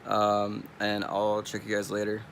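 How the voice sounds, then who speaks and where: A man's voice: on the low side, monotone, measured pace, vocal fry, a bit bright, a little hiss or hum. A young man from California with a Californian accent, rambling in a laid-back, casual vlog monologue. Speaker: streamer.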